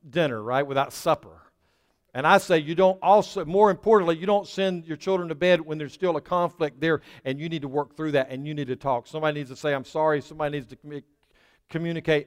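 A middle-aged male pastor preaching a sermon, calling out to his congregation and swinging between loud emphasis and quiet asides. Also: fairly high pitch, smooth, big-room sound.

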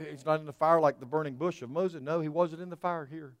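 Man, pastor, sermon, dramatic loud-to-hushed swings, fairly high voice, dry close sound. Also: fairly even intonation, quick pace, few pauses, no room sound, big-room sound.

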